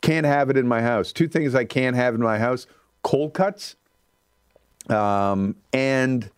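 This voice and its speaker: A man's voice: mid-range voice, slow pace, clean tone, dry recording. A man hosting a radio talk show in a studio, chatting casually in a rambling, self-mocking way. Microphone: studio microphone.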